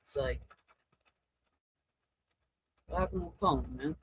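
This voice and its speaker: A man's voice: fairly high pitch, slow, a little hiss or hum, low-quality recording. A man hosting a casual livestream, reading out super chats and thanking viewers by name, stressed and overwhelmed. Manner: animated, thanking viewers one by one. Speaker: livestream host.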